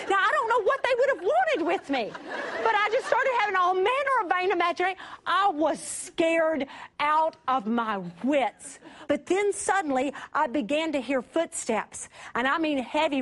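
A woman preaching a sermon through a lively personal story, laughing often and dropping to a hush at key points. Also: high-pitched. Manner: animated, laughing, drops to a hush for emphasis.

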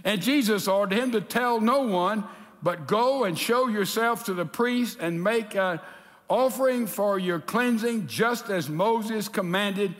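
A pastor preaching a sermon in a lively, animated way, acting out the people in his story. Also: high-pitched, measured pace. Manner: animated preaching, acts out quotes. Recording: reverberant hall.

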